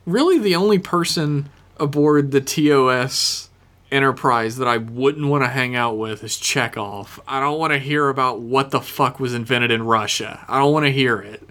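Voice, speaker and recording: A man co-hosting a podcast, reading listener emails with deadpan, profane jokes. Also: medium pitch, normal speed. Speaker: podcast co-host.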